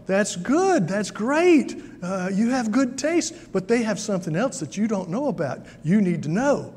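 A man's voice: high-pitched, very animated, a little slow, darkish tone, breathy edge, in a large hall, exaggerated voice. A man voicing an elderly, stern and protective Dutch-American father figure who speaks with pointed politeness. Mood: warning.

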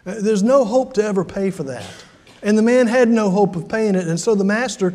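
Male preacher, high and warm-toned, conversational storyteller with dramatic loud-soft swings; reverberant hall. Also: animated, brisk. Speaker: pastor. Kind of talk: sermon.

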